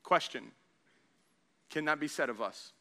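High, bright-voiced man preaching a sermon. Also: a little slow, creaky. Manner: builds from quiet storytelling to loud, animated preaching with acted-out quotes. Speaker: pastor.

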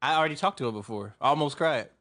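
A man's voice: medium pitch, very fast, fairly bright tone. A young man co-hosting a podcast in casual chat, teasing his friends. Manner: teasing, joking. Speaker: podcast co-host.

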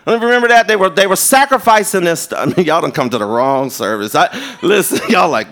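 A man preaching a sermon, telling stories with shouted quotes. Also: high voice, fast talker, hardly any pauses. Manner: animated storytelling with shouted quotes. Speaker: pastor.

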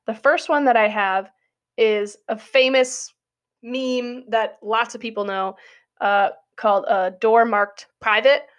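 A woman's voice: fairly high pitch, fairly even intonation, slow pace, smooth. A young adult woman, a college student, talking through a casual spoken essay in a chatty, giggly way full of "like" fillers. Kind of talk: casual monologue.

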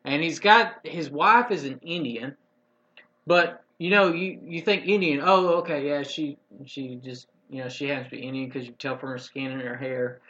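A man's voice: fairly high pitch, normal speed, sharp tone. Folksy rambling man on a lo-fi podcast. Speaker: podcast co-host. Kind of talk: casual chat. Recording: dull lo-fi podcast audio with faint hiss.

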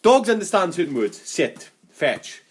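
A man's voice: sits high, big pitch swings, measured pace, breathy edge. A man, co-hosting a casual podcast chat, swearing and joking. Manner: crude, joking, puts on animal voices. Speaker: podcast co-host. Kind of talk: casual banter.

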